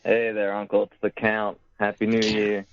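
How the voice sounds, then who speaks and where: A man's voice: on the low side, monotone, moderate pace, clean tone, no echo. A man calling in to a live show, laid-back and laughing things off. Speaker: caller. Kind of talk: casual chat. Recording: dull phone-in sound.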